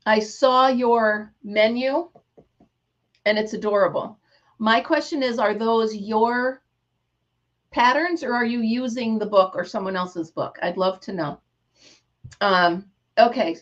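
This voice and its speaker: Animated woman host, lo-fi stream audio. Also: fairly high pitch, unhurried, pauses often. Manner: animated storyteller, reads out viewer names. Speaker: livestream host. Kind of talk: casual livestream chat.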